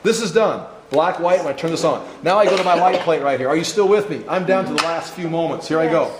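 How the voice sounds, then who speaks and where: In a classroom workshop, a man with a slightly high voice talks fast while teaching a hands-on wiring class. He explains every step and checks that his students are keeping up. The room is echoey, with faint noise in the background.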